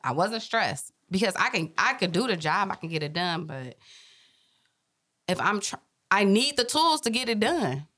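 A young woman co-hosting a podcast, chatting casually and telling a work story with lively voiced quotes. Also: mid-range voice, moderate pace. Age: young adult. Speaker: podcast co-host. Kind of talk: casual chat.

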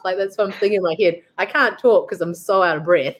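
Brisk and animated with barely a pause, this medium-pitched voice belongs to a young fitness coach and athlete from New Zealand, here as a guest. She recounts a story casually, peppering it with "like" and acting out what she was thinking.

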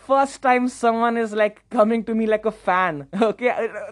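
Young male podcast host, casual animated storyteller, self-mocking, repeats words when excited. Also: very high voice, normal speed, few pauses.

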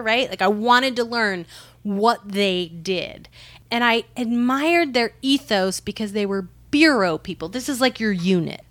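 A woman's voice: mid-range voice, fairly bright tone, dry recording. A woman telling candid, profane stories in casual podcast chat, packed with "like" fillers. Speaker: storyteller on a podcast panel.

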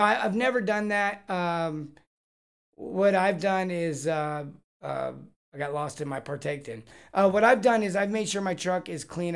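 A man's voice: fairly high pitch, vocal fry. A man hosting a live Q&A podcast, joking and rambling with lots of energy. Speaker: podcast host. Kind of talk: casual live Q&A chat.

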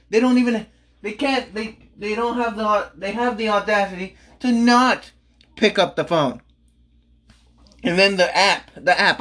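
A young male vlogger at home vents angrily in a rambling monologue, exasperated, repeating himself and swearing. His voice sits high and a bit bright.

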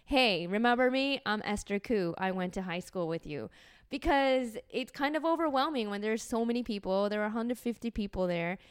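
A woman in her forties hosting a podcast, telling comedic stories in an animated, profane way and acting out quotes. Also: fairly high pitch, clean tone, dry recording, clean studio sound. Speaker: podcast host. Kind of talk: comedic storytelling.

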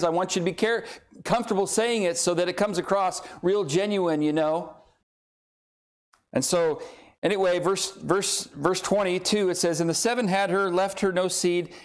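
A middle-aged man preaching a sermon, retelling a scripture story with lively, acted-out voices for the people in it. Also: on the high side. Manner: animated storytelling, acts out quoted voices.

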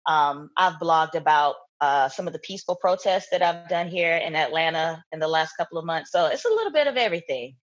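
A young woman talks about her work in a relaxed interview, chatty and quick to laugh. Her voice sits a little low and comes through husky. The recording is slightly dull and lo-fi. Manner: laughs often, animated and chatty. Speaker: guest, content creator. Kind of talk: casual interview chat.

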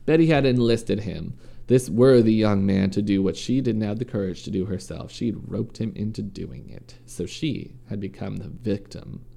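A podcast host reads a true-crime story aloud in a relaxed way, his voice lowish, creaky and dark-toned at a moderate pace. Now and then he stumbles over a word and corrects himself.

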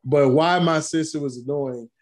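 A man co-hosting a casual sports podcast, telling animated stories and acting out what people said. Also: a little high, normal speed. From Brooklyn. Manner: animated storytelling, acting out quotes. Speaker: podcast co-host.

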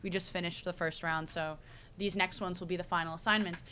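Bright-voiced woman telling a story. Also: lowish voice, a little fast, a little hiss or hum. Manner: rambling, animated storytelling with frequent "like" and laughs. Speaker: podcast host, university student. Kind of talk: casual chat.

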